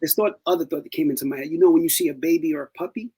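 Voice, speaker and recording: A man's voice: on the high side, racing, husky, low-quality recording. A man co-hosting a podcast in casual chat, telling stories and slipping into playful voices. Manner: animated storytelling with playful put-on voices. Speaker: podcast co-host.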